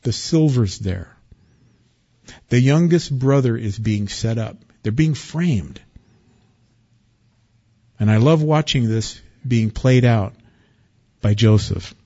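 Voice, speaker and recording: Husky guy preaching, gets loud then drops real quiet, kinda dull lo-fi audio. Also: medium pitch, slow, long pauses. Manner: expressive, swings from loud excitement to quiet warning. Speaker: pastor. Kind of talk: sermon.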